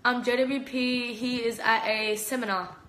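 This is a casual live-stream chat from a young Australian woman who fights, filmed on her phone camera in her home kitchen. Her slightly high, a-bit-bright voice holds a steady tone at a moderate pace as she rambles, giggles and keeps saying "like." A roomy kitchen echo and a little hiss or hum come through.

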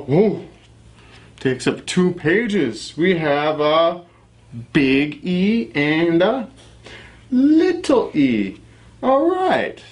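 A young man teaching a children's alphabet lesson, encouraging and sounding out each letter slowly. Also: a little high. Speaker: phonics teacher.

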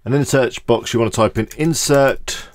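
A man hosting a screen-recorded software tutorial, talking casually and thinking aloud as he clicks through each step. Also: mid-range voice, normal speed, no room sound. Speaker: tutorial host.

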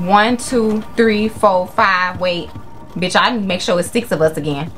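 A young woman commentating her horror gameplay, excitable and profane, with jumpy reactions. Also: medium pitch, a little slow, over music. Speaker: gaming channel host. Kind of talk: live horror game commentary.

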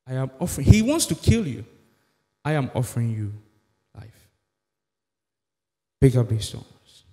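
A man acting out the devil as a sly, coaxing tempter, speaking low and soft. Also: sing-song, unhurried, long reverb tail. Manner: low, soft, persuasive wheedling.

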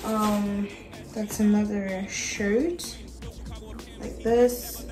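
A woman chatting casually to camera as an art vlogger, often pausing to search for the right word. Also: medium pitch, fairly even intonation. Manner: chatty, searches for words, many fillers. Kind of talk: casual vlog chat to camera. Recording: roomy echo with background music. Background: music playing.

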